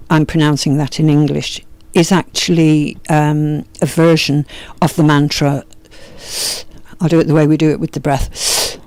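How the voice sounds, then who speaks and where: A woman with a Yorkshire accent, a yoga teacher giving a gentle, meandering spiritual teaching talk. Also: sits low, no echo.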